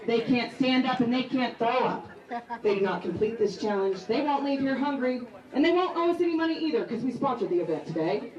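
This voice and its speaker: On the high side and animated, a woman's brisk voice rings out as she emcees a live eating contest, chatting and joking with contestants on a handheld mic at a busy restaurant. The top end of the audio is clipped, with a crowd behind her.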